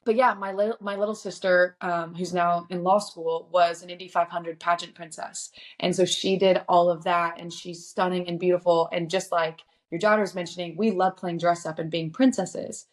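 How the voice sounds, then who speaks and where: A woman's voice: on the low side, steady tone, normal speed, few pauses. A young woman from Indiana, a guest on a podcast, telling her story in a chatty, upbeat way. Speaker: guest, children's book author. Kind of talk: casual podcast interview.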